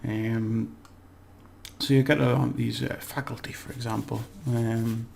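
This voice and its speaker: A man giving a relaxed, chatty language lesson, slowly repeating words for practice and laughing at his own slips. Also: medium pitch, vocal fry, a little hiss or hum. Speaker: language teacher. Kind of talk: casual spoken language lesson.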